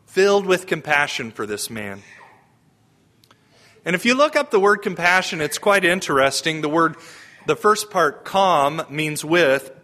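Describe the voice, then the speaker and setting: A man delivers a homily with a bright, clear edge to his voice. His pitch sits a little high. He preaches in a conversational way and often puts questions to the congregation. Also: big pitch swings, measured pace. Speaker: priest.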